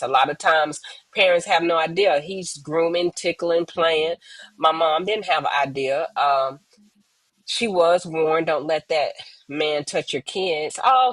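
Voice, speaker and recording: A woman tells her own hard story as a guest on a remote call, earnest and slow, often pausing and acting out the voices of others. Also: sits low, no room sound, low-quality recording. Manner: earnest, pauses often, acts out quoted voices. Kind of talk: emotional personal testimony, slow and reflective.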